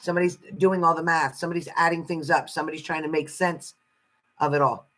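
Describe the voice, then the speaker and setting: A woman's voice: sits low, fairly even intonation, quick pace, a bit bright, low-quality recording. A woman giving a casual live-stream tarot card reading, chatty and salty, greeting viewers fondly and swearing freely.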